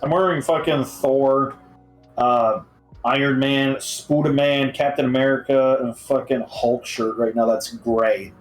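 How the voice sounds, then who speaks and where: Young guy, podcast co-host, rambling and profane, mid-pitched, echoey home room over voice chat. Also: steady tone, measured pace, faint music behind. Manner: rambling, profane and self-mocking.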